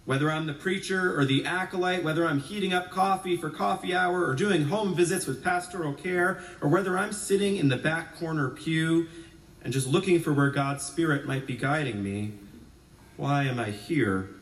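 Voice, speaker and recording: A man's voice: a little high, normal speed, a bit bright. A male Episcopal priest giving a sermon, chatting easily and with self-deprecating humor before turning reflective. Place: church sanctuary. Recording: roomy church echo from a distance.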